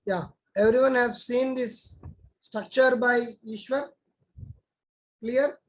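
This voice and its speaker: A man's voice: extremely high pitch, steady tone, takes it slowly, rough recording. A man teaching an online class, talking conversationally and calling on students by name.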